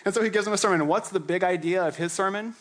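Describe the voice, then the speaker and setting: A man's voice: high voice, rapid-fire. Joking, conversational male pastor preaching. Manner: conversational and joking, acts out characters with a laugh. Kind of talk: sermon.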